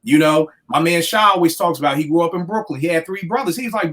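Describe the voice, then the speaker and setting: A man in his forties, a podcast host, ranting in animated, profane casual chat. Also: high-pitched, brisk, hardly any pauses. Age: 40s.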